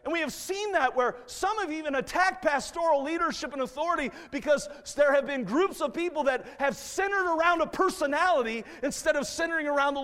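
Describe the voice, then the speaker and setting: A man preaching a fervent revival sermon as a guest preacher in a church, swelling to shouts. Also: extremely high pitch. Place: church sanctuary. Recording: long church-hall reverb.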